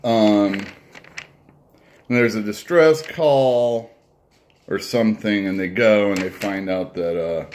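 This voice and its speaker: A man's voice: fairly low pitch, slow pace, pauses often, a little mellow, a little hiss or hum. A man who owns a comic shop, giving a casual, rambling, blunt review while he eats.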